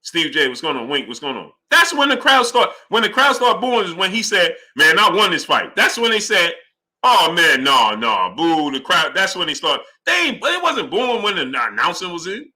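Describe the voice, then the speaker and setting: Man, live stream host, lively swooping pitch, bright forceful tone, heated rant. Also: a little fast, hardly any pauses. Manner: animated and heated, greets chat names. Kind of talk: live boxing commentary stream.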